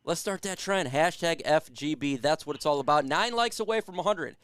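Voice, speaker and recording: A man's voice: fairly high pitch, expressive, fairly quick, fairly bright tone, clear, resonant tone, dry recording, studio quality. A man hosting a casual sports live stream who hypes the chat and reads out viewer comments. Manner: hypes chat, reads super chats aloud.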